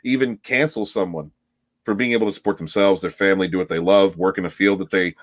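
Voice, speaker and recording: A man's voice: low voice, fast, no room sound. Earnest man on a dry livestream mic. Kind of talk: casual live-stream chat.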